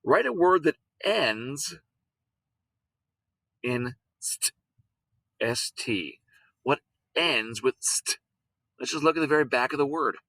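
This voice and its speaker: Slow, patient man teaching a lesson. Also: fairly high pitch, expressive, fairly bright tone, dry recording, low-quality recording. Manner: slow, patient, repeats words and sounds them out. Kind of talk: recorded classroom lesson on syllables.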